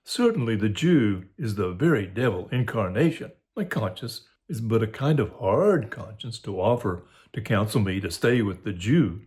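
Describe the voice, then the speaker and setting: A man gives a dramatic reading of a soliloquy, voicing a young male comic servant who is torn between leaving his master and staying. Dithering, he argues both sides in a torn mood. His voice is fairly low, darkish and animated, close to an everyday voice, at normal speed with few pauses.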